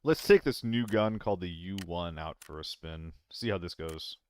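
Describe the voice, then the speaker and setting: A man giving casual commentary while streaming a game, rambling and answering chat, with hiccups and throat clearing. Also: low voice, moderate pace, darkish tone.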